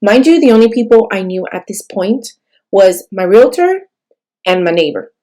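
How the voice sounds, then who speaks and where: A young woman from California tells a personal birth story in a halting, tearful way, full of fillers and restarts. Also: medium pitch, big pitch swings, mellow. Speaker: vlogger sharing a birth story.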